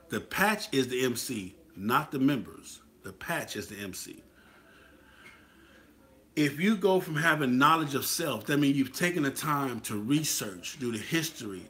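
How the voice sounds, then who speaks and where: His voice sits at medium pitch and leans a bit bright. Hosting a motorcycle club talk, this Atlanta native preaches, repeats himself, and keeps checking in with "you feel what I'm saying?"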